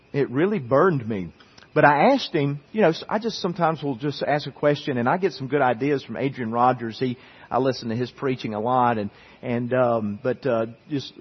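A male pastor delivers a relaxed, storytelling sermon, often restarting his sentences and turning to the congregation. His voice is somewhat husky. The recording is dull and lo-fi, with a long hall reverb behind him. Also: medium pitch. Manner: conversational, many restarts and asides to the congregation.

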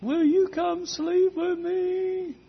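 A man voicing a clingy little girl in a squeaky falsetto whine. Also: little pitch movement, slow, gravelly, exaggerated voice. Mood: pleading. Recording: dull lo-fi recording, away from mic.

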